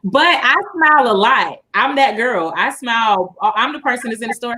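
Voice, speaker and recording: Casting: woman, bright tone, slightly high, chatty panelist. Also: expressive, normal speed, hardly any pauses. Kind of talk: casual panel chat.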